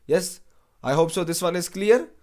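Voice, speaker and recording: A man's voice: sits high, expressive, moderate pace, darkish tone. A young man teaching an online exam-prep lecture, repeating phrases and asking "right?" after most lines, with Hindi asides. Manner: mixes English with Hindi asides. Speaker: educator.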